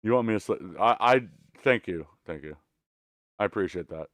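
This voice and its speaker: A man hosts a stream in loose, profane chat, tripping over his words and restarting. His voice is smooth and clear and swings widely in pitch. The sound is dry. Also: lively intonation, normal speed, fairly bright tone, no echo. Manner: profane, rambling, stammering restarts. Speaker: streamer host. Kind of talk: casual chat.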